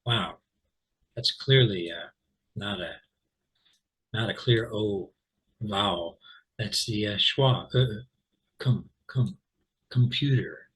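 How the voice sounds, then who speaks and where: Male American pronunciation teacher, low-ish husky voice with a bright edge, casual and full of filler words. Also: rough recording. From Central California, USA. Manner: relaxed and chatty, many ums and uhs, repeats words slowly to demonstrate. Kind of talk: explaining pronunciation to learners.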